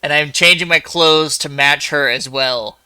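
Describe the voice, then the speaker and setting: A man's voice: fairly high pitch, steady tone, unhurried, over a noisy crowd. A man playing in an online tabletop game, joking and swearing freely with his friends. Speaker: player. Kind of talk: casual chat during an online tabletop game.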